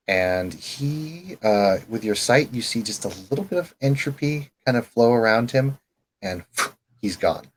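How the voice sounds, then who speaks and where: A man narrating as game master of a tabletop game, in a relaxed, plain way. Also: medium pitch, measured pace, slight background noise, low-quality recording.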